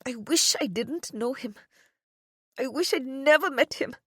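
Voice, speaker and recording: A soft-spoken woman narrating a first-person romance audiobook, often dropping to a whisper. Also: high voice, expressive, a little slow, husky, no echo, clean studio sound.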